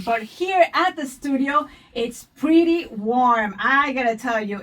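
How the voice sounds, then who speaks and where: Upbeat woman host, fairly high voice. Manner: upbeat, warm welcoming banter. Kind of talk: casual interview. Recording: distant mic with faint background noise.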